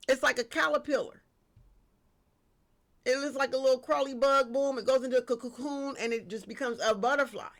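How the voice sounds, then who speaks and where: A woman giving a casual spiritual tarot reading, lively and slangy, talking straight to her viewers. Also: sits high, a little fast. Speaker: tarot reader.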